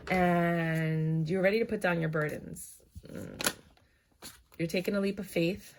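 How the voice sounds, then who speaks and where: A woman's voice: lowish voice, steady tone, unhurried, noisy background. A woman giving a casual, chatty tarot reading, talking straight to her viewers with emphatic, cheerleader-like speech. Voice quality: speech she calls cheerleader-like. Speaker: tarot reader.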